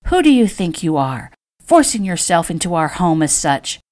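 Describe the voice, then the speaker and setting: A woman's voice: on the low side, big pitch swings, normal speed, darkish tone. A woman voicing a spiteful aunt who screeches and complains indignantly in an audiobook. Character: shrill, spiteful middle-aged aunt.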